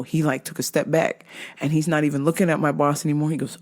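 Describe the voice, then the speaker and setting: A woman hosting a show, telling a comic story in a profane, animated way. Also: low-pitched, fast. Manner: animated, profane, acts out characters. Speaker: host. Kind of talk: comedic storytelling.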